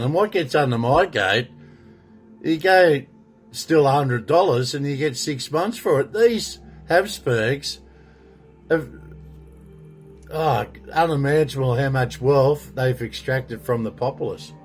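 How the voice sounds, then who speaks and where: A man's voice: mid-range voice, animated, takes it slowly, soft background music. A middle-aged Australian man ranting indignantly in a rambling monologue, with frequent swearing. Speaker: political commentator. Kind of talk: monologue to camera.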